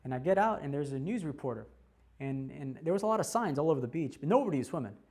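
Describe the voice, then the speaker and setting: A man in his forties teaching a class by telling his own story, animated and laughing often. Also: on the high side, fast. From United States. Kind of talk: personal storytelling talk.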